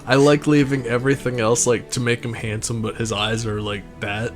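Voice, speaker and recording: A man's voice: medium pitch, level tone, normal speed. A man chatting casually and joking while playing a video game. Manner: joking, jokey voices, laughs often. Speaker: game commentator. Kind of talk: casual let's-play chat. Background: game music.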